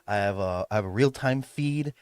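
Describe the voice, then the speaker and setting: A man's voice: fairly low pitch, moderate pace, darkish tone, clean tone, dry recording. A man chatting casually on a livestream from his room at home, rambling, swearing and laughing often. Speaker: livestreamer and event host. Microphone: streaming mic.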